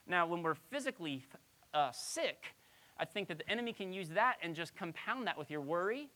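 A woman's voice: fairly low pitch, expressive, normal speed, sharp tone. A woman pastor giving a conversational Bible-teaching sermon, asking her listeners rhetorical questions.

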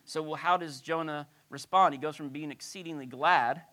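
A woman's voice: sits low, normal speed, a bit bright. A woman pastor giving a conversational Bible-teaching sermon, asking her listeners rhetorical questions.

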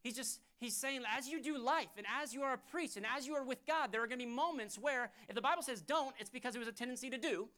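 A man's voice: very high-pitched, fast, few pauses. Fervent man preaching a sermon. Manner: fervent, conversational preaching that swings from hushed to loud. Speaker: pastor.

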